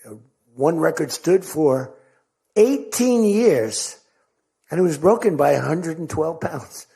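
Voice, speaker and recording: A man's voice: on the high side, animated, slow pace, gravelly, dark tone, husky. An older American man giving a rambling speech to a crowd, telling stories and acting out quotes. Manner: rambling, repetitive storytelling with acted-out quotes.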